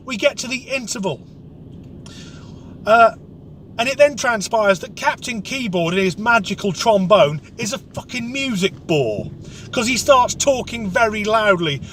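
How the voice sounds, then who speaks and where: A man's voice: high-pitched, expressive, a little slow, bright, forceful tone, a little hiss or hum. Sweary, exasperated man ranting. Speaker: comedic vlogger. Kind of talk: comic rant storytelling.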